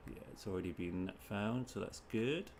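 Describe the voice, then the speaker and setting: A man's voice: lowish voice, moderate pace, darkish tone, slight background noise. A man from the UK, a streamer thinking aloud as he solves crossword clues in short muttered bursts. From United Kingdom. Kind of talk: thinking aloud while solving.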